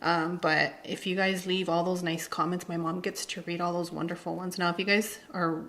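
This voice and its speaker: A woman's voice: lowish voice, little pitch movement, moderate pace, fairly bright tone. A woman in her thirties hosting a casual home cooking video in her kitchen, chatty and playful, dropping in Spanish words as she talks. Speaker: cooking channel host.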